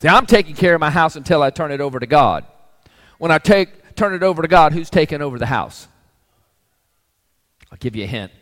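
A man's voice: fairly high pitch, expressive, a little fast, long pauses, a bit bright, in a large hall. A male pastor preaching a sermon, pressing the congregation with rhetorical questions.

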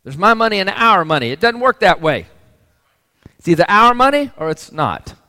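A man's voice: high voice, sing-song, normal speed, sharp tone, long reverb tail. A male pastor preaching a sermon, pressing the congregation with rhetorical questions.

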